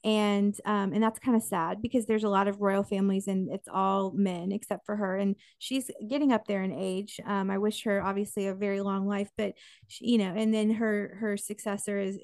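A woman's voice: mid-range voice, darkish tone, dry recording, clean studio sound. Chatty woman podcast co-host. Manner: chatty, with many restarts and asides. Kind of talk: casual chat about royal news.

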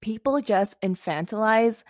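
Animated young woman chatting on a podcast. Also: on the high side, measured pace, dry recording, studio quality. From United States. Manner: animated, swears freely, frequent "like". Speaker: podcast co-host. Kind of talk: casual podcast chat.

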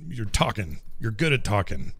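Male player, husky bright tone, wisecracking. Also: on the low side, very animated, moderate pace. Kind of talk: joking casual play.

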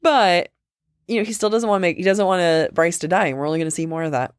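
A woman co-hosting a casual book-discussion podcast, chatty with lots of fillers, reading quotes aloud slowly. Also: lowish voice, steady tone, no room sound, clean studio sound. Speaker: podcast co-host.

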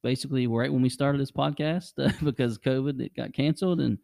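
A man's voice: mid-range voice, fast talker, creaky, a little mellow, no echo, studio quality. A man hosting a podcast, rambling casually through travel stories and chuckling often. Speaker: podcast host. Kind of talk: casual chat.

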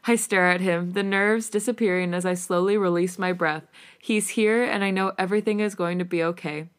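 A woman podcast host reading a romantic fan fiction story aloud in a casual, animated and sometimes giggly way. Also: mid-range voice, a little fast, clear, resonant tone.

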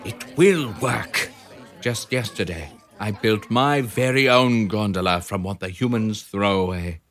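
A man's voice: on the low side, a little slow, fairly bright tone, soft background music, voice pushed up. A man voicing a brave male hamster who rallies a crowd of mice to fight. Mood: persuasive. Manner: rousing, determined speech-making.

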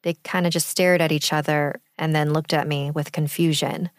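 A young woman from the East Bay in California, calmly and reflectively recounting a personal story in first-person narration. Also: low voice, moderate pace, no room sound, studio quality. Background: background music.

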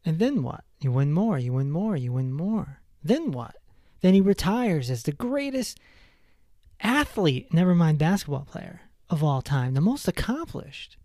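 A man hosting a self-help podcast, talking in an emphatic, animated way and laughing at his own stories. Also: high voice, dry recording, clean studio sound. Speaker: podcast host. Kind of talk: casual self-help monologue.

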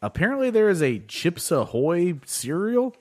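A man's voice: high-pitched, moderate pace. A man co-hosting a podcast, chatting casually and joking with crude humor while reading out a list. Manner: animated, jokey, profane, reads out lists. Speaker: podcast co-host. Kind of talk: casual chat.

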